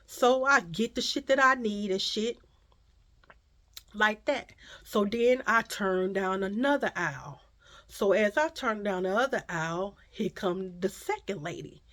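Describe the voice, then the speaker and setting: A woman telling a casual, profane story in an emphatic, animated way. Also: medium pitch, unhurried.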